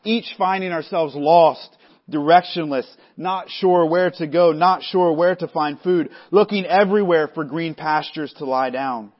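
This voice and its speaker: A man preaching a sermon as pastor, measured and earnest, sometimes stumbling and restarting his words. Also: fairly high pitch, lo-fi sound. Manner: measured preaching with frequent restarts, voicing the disciples conversationally.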